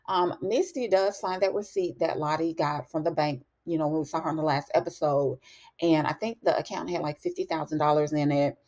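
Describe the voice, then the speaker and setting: A woman's voice: low voice, darkish tone. Sassy chatty woman recapping a show. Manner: chatty and sassy, with frequent asides to the viewer; slips into quick impressions of the characters. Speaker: TV recap host. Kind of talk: casual TV episode recap.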